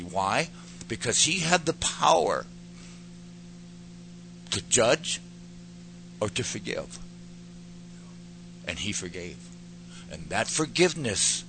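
Earnest, forceful low-voiced man preaching. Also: slight background noise, rough recording. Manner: earnest, rises to emphatic peaks. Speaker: guest giving a testimony. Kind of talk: personal testimony and preaching.

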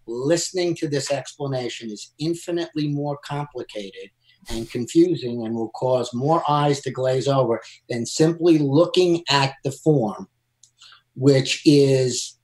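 A man's voice: mid-range voice, unhurried, a little mellow, echoey room. A man who works as a lawyer, giving firm, emphatic advice during a panel discussion. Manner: emphatic, advising.

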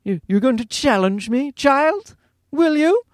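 A no-nonsense British schoolmistress, as a man puts her on, prim and quick to challenge. The voice rides high and lively, up above the speaker's usual register, and sits dry and close to the mic. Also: dry recording. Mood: challenging. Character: stern but warm British woman teacher.

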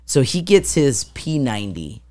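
With a bass voice that's mellow and sing-song, this woman co-hosts a podcast at a moderate pace. Her long, rambling story in the casual chat is full of fillers and sounds she acts out.

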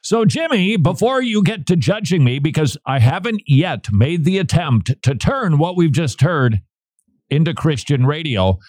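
A man's voice: on the high side, very animated, measured pace, darkish tone, no room sound, studio quality. A male radio host bantering playfully with mock-grand announcer flourishes.

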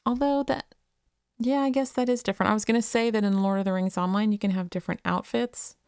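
A woman's voice: mid-range voice, fairly even intonation, fast, a little mellow, clear, resonant tone, no echo. A woman hosting a gaming podcast, reading interview articles aloud and chatting casually between them. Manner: reads quotes evenly, chats casually between them. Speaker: podcast host.

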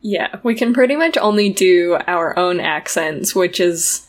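A woman's voice: on the low side, lively intonation. A woman with a Southern Utah accent co-hosting a podcast in casual chat, laughing often and using lots of "like" and "um". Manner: slow, laughing, filler-heavy. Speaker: podcast co-host.

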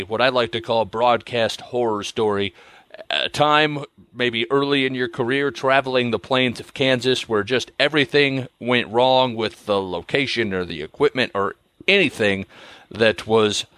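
A man hosting a podcast, asking his guest measured, conversational questions. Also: medium pitch, a bit bright, dry recording. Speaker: podcast host. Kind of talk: interview questions.

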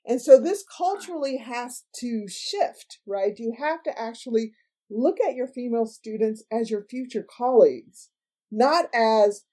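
A woman astrophysicist, a guest on a podcast interview, who talks in an animated, emphatic way and laughs often. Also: on the high side, measured pace. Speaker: senior scientist.

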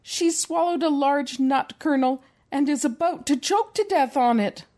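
A woman's voice: sits high, lively intonation, a little slow, a little mellow, voice pushed up. A woman voicing a frantic little rooster who pleads urgently for help, as she reads a storybook aloud. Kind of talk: storybook reading.

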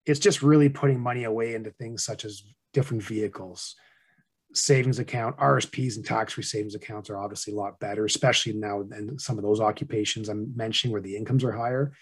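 A middle-aged man, a financial advisor, talking through money habits in a casual podcast interview with a fairly monotone, plain-spoken delivery. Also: on the low side, fast talker, slightly rough.

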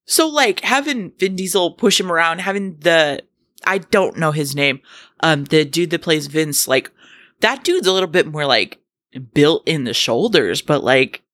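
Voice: medium pitch, a bit bright, no echo. A co-host of a casual film review podcast, offering wry, dry-humored analysis.

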